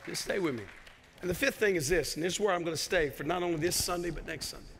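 A man preaching to his congregation in a high, bright voice that carries. He repeats key phrases for emphasis. His voice rings with long reverb through a church hall. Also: fast talker, vocal fry, a little hiss or hum. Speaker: pastor. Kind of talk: sermon. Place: church sanctuary.

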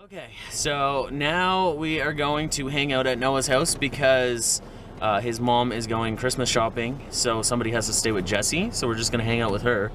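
A man's voice: mid-range voice, fairly even intonation, normal speed, a bit bright, recorded from a distance, slight background noise. A man in his twenties chatting casually to the camera in a vlog, easygoing and rambling with fillers. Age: 20s. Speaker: vlogger.

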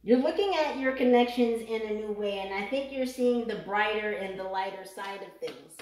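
A tarot reader with a medium-pitched, slightly mellow voice and a moderate pace gives a casual reading, chatting and joking, swearing freely and laughing often. The room she's in is echoey.

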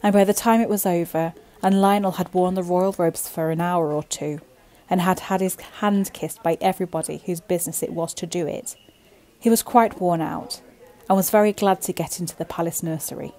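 A woman storyteller reading a bedtime story aloud in an expressive, gentle way. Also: on the low side, moderate pace.

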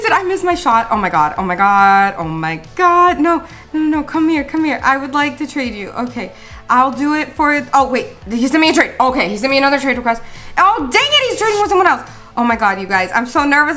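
Excitable girl gamer narrating her game, high bright voice, soft music behind. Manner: excitable, frequent gasps and exclamations, addresses viewers. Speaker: gaming channel host. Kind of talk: live commentary over gameplay.

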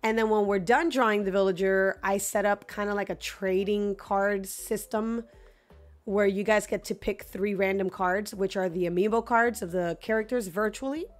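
A woman's voice: mid-range voice, fairly even intonation, moderate pace. A woman streaming a video game live, chatting with her viewers, laughing often and talking back to the game characters into her microphone. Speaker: gaming streamer.

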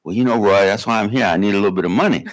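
Wheedling relative, pleading, low voice, put on by a man. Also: very fast, close to an everyday voice. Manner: wheedling, going on and on. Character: pleading relative asking for money.

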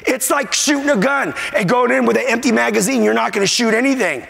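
A man's voice: very high voice, fast, gravelly, fairly bright tone. A man preaching a sermon as a pastor, emphatic and repetitive, at times choked up with emotion. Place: church sanctuary. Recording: long hall reverb.

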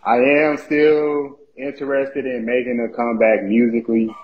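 A man being interviewed as a sports media guest, talking in a relaxed, hesitant way with many fillers. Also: mid-range voice, normal speed, dull audio. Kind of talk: casual interview chat.

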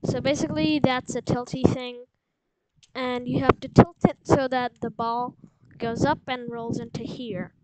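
A woman's voice: a little high, steady tone, a little slow. A woman hosting a casual gameplay walkthrough, rambling and unsure of herself, with lots of fillers. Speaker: game guide host. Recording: loud background noise with clicks.

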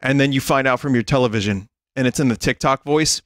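A man's voice: mid-range voice, fast, few pauses, no echo, studio quality. A man hosting a livestream, chatting casually to his viewers and laughing often as he reads a list aloud. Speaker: livestream host. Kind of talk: casual stream chat.

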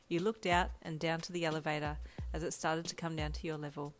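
A woman reading a fanfiction story aloud in second person, with a soft, quiet storytelling manner. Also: deep voice, flat delivery, fairly quick, over music. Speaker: fanfiction reader.

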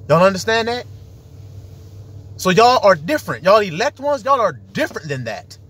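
Male preacher, slightly high husky voice, emphatic and rambling. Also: big pitch swings, moderate pace, fairly bright tone. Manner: emphatic, rhetorical questions, rambling. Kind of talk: preaching monologue.

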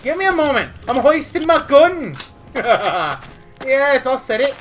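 A woman playing a multiplayer game in a put-on British accent, narrating her own moves and breaking into panicked shouts. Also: high-pitched, animated, takes it slowly, soft background music. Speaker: gamer.

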